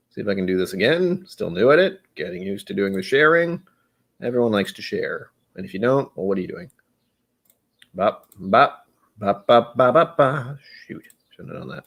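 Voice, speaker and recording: Guy rambling thru a whiskey tasting on stream, kinda low voice, pokes fun at himself a lot. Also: big pitch swings, fairly quick, gravelly. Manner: rambling, musing, self-deprecating. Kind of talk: casual live-stream chat while tasting.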